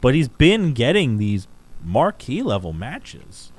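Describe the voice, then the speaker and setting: A man co-hosting a podcast, chatting casually and excitedly about wrestling, with plenty of swearing. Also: slow pace, no echo, rough recording. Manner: animated, swearing, pitch jumping up when excited. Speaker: podcast co-host.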